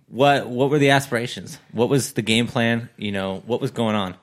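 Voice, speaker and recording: A man with a mid-range voice hosts a podcast interview at normal speed, asking long, rambling questions. He jokes constantly and laughs often.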